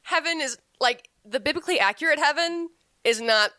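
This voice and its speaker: Lively, bright-voiced woman. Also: sits high, brisk, no echo. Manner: playful, animated storyteller. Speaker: podcast co-host. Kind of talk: casual podcast chat.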